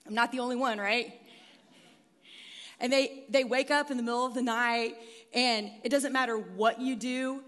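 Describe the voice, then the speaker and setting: A woman's voice: fairly high pitch, steady tone, moderate pace, pauses often. A woman preaching a sermon in a chatty way, laughing between lines. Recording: loud noise, long hall reverb.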